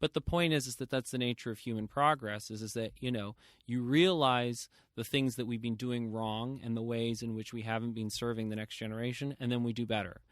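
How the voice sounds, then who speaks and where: Guy hosting a podcast, mid pitch, rambles with lots of "you know", dry close sound. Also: brisk, few pauses, no room sound. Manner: rambling, animated, frequent fillers and quoted asides. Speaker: podcast host. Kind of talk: casual interview chat.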